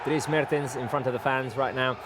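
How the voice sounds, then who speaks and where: A man's voice: medium pitch, background noise. A man doing live football play-by-play commentary with jokey banter between calls. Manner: excitable, quick asides, jokey.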